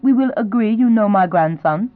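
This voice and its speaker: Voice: mid-range voice, lively intonation, normal speed, dry recording, pitched above the performer's own voice, close to an everyday voice. A reader voicing a gracious elderly duchess. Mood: genteel. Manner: genteel, pleasantly insistent. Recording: dry, thin phone-like sound.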